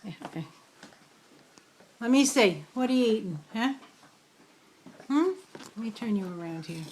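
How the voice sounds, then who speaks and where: A woman's voice: fairly high pitch, expressive, measured pace, darkish tone, slight background noise. An older woman, a grandmother, doting on her small grandchild with coaxing sing-song baby talk at home.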